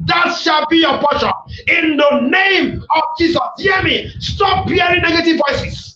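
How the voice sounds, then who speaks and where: A man's voice: extremely high pitch, unhurried, sharp tone, raised voice. A man preaching a fervent sermon, declaring and repeating phrases over the congregation. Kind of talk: shouted prayer-meeting sermon. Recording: echoey, dull lo-fi with faint noise.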